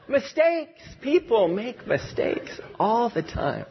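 A man's voice: sits high, very animated, measured pace, muffled recording. A man preaching a sermon as pastor, leading a prayer and telling stories in an earnest, lightly humorous way.

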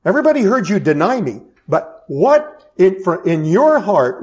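A man's voice: high-pitched, big pitch swings, moderate pace, a little mellow. A middle-aged man preaching a sermon as pastor, conversational, with self-deprecating asides and frequent restarts.

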